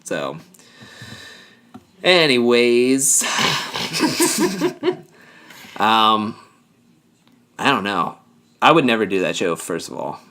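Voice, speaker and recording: A man's voice: lowish voice, lively intonation, unhurried, pauses often, bright, forceful tone. A man co-hosting a podcast, casually recapping a reality show in a rambling way, full of fillers and acted-out quotes. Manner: rambling, filler-heavy, acts out quoted lines. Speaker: podcast co-host.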